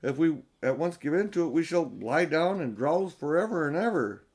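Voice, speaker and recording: A man's voice: on the high side, expressive, normal speed, darkish tone, pitched above the performer's own voice. Polly, an old man voicing a dreamy young girl. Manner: dreamy, then urgent and practical. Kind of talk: storybook reading.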